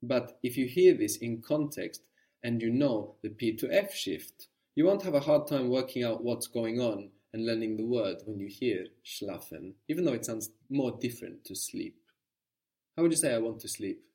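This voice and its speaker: A man's voice: mid-range voice, lively intonation, normal speed, mellow. A man teaching a language lesson, explaining patiently and encouraging his student.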